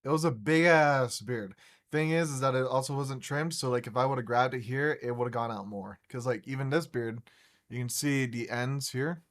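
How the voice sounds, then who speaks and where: Rambling, profane male podcast host. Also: medium pitch. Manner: rambling, profane, halting restarts. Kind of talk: casual storytelling chat.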